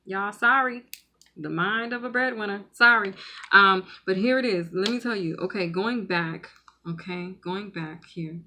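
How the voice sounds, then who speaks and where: A woman's voice: mid-range voice, measured pace, bright, forceful tone, a little hiss or hum. A woman giving a spiritual reading in casual, rambling talk, repeating words and checking in with "okay?" often. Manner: emphatic, stretches key words. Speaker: spiritual medium and tarot reader.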